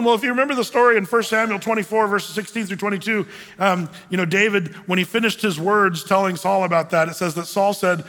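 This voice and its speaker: A man's voice: high voice, fast. A man preaching a sermon in a loose, conversational way, acting out the people he quotes. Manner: conversational, animated, acts out quoted voices. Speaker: pastor. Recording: long reverb of a large hall.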